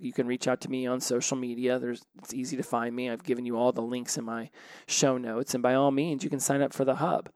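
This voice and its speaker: A man's voice: mid-range voice, flat delivery, fairly quick, darkish tone, dry recording. A man hosting a podcast and coaching listeners on habits, in a casual, conversational way that often repeats and restarts words. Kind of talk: casual solo podcast talk.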